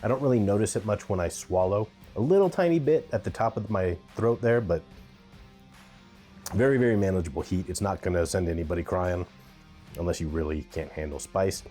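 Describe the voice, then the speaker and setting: A man's voice: low-pitched, fairly quick, warm tone, faint music behind. A man giving a casual, candid pepper tasting review, thinking aloud with the odd um.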